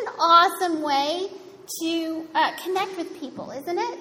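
A woman's voice: very high-pitched, a little slow, sharp tone. A woman giving a sermon in a conversational, wryly humorous way. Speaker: preacher. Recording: reverberant hall, faint room noise.

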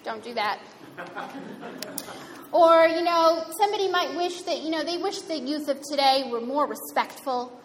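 A woman's voice: sits high, expressive, a little slow. A woman giving a sermon in a conversational, wryly humorous way. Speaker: preacher. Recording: reverberant hall, faint room noise.

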